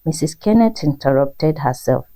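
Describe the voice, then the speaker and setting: A woman storyteller narrating a folktale in a steady, measured reading. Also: deep voice, poor audio.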